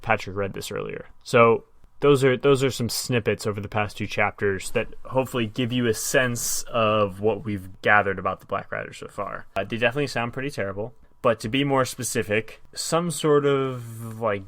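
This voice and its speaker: A man's voice: medium pitch, a bit bright, dry recording. A man co-hosting a casual book discussion podcast, reading quotes and asking questions. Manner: questioning, reads quotes, short agreeing replies. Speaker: podcast co-host.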